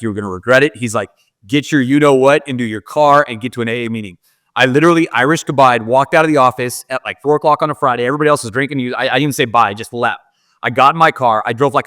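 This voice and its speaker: Fast-talking man telling his story. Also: medium pitch, fairly bright tone, no echo, studio quality. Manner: fast casual talk, many "like" fillers. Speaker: podcast guest, recruiter. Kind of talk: candid storytelling interview.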